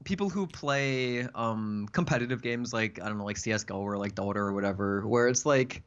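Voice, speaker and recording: A man co-hosting a podcast in casual chat, full of fillers, jokey and quick to laugh. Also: on the low side, smooth. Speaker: podcast co-host. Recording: dull lo-fi mic.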